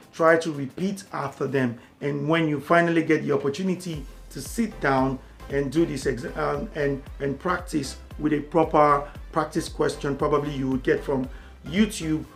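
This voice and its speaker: Higher-voiced man giving exam tips. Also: moderate pace, creaky, soft background music. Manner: steady explaining, repeats key words. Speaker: exam prep tutor. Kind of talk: instructional talk to camera.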